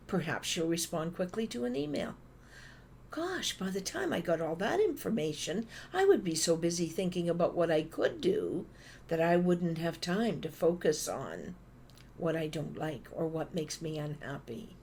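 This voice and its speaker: Lower-voiced Canadian woman giving a motivational talk. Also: slight background noise. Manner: animated storyteller acting out phone calls. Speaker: conference speaker.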